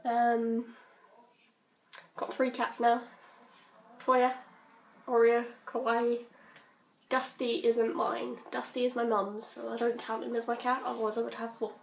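A woman's voice: on the high side, level tone, measured pace, vocal fry, long pauses. Giggly teen girl with a British accent. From Britain. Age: teens. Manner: giggly, scattered, chatty. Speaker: vlogger. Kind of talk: rambling casual chat. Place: her bedroom at home. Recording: roomy bedroom echo.

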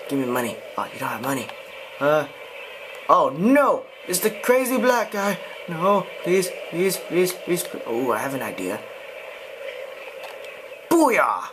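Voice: medium pitch, sing-song, slow pace, long pauses, a bit bright, slight background noise, rough recording. A gamer giving let's play commentary, jumpy, yelping and pleading, and muttering to themselves in between.

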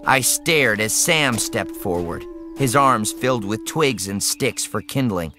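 Animated, bright-voiced male storyteller. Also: fairly low pitch, unhurried. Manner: expressive and animated. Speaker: audiobook narrator. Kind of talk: scripted first-person narration.

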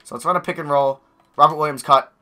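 A young man giving live commentary on a basketball video game, excitable, swinging from quiet muttering to loud yells. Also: on the high side, fast talker. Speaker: gaming YouTuber.

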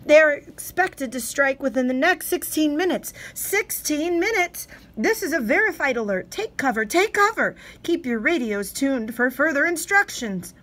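Woman doing a panicked male broadcaster, shouting, high and urgent. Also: lively intonation, moderate pace, few pauses. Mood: alarmed. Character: frantic male radio announcer shouting alert.

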